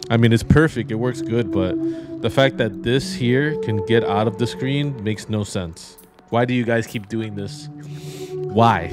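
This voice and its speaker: A man giving casual, rambling gameplay commentary as a YouTuber, easily exasperated and laughing often. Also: mid-range voice. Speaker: gaming YouTuber. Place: home room with white background.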